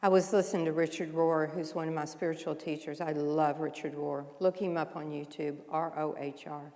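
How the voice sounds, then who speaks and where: An older woman minister delivering a folksy, conversational sermon, often clearing her throat. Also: low-pitched, flat delivery, moderate pace, warm tone, big-room sound. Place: church sanctuary.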